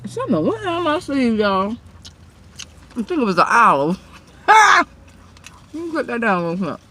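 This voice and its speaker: A mukbang host eats in her car and talks easily to her audience between mouthfuls, a bit breathless and frequently humming her approval. Her voice is fairly high and fairly bright, swings widely in pitch, and moves at normal speed, with a slight hiss or hum in the audio.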